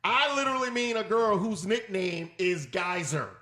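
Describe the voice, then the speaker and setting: Talk show host guy, high bright voice, super animated, jokey with callers. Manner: animated, playful, quick to laugh, gives shout-outs. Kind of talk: comedic call-in talk show.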